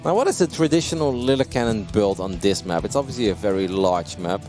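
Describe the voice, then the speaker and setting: A man doing live esports commentary, excitable and quick to laugh, his pitch leaping up when something surprises him. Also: soft background music. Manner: excitable, laughs often, jumps high in pitch. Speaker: esports caster.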